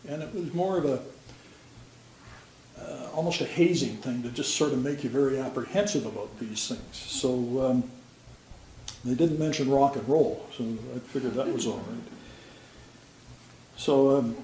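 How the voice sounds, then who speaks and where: An older man recalls his years on the police force in a plain, folksy way, with dry humor between the stories. His voice sits at an ordinary pitch. The recording is roomy, with a faint hum behind him. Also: darkish tone. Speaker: retired police officer. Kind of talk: storytelling. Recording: roomy sound with faint background noise.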